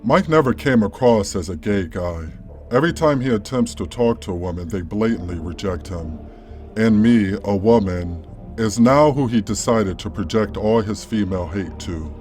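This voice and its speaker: A man calmly reading a first-person story as a scripted narration. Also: on the low side, moderate pace. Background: faint background music.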